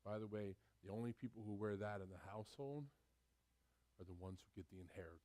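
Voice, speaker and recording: A pastor preaching a sermon, retelling a story with animated, stammering repeats. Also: male voice, on the low side, fast.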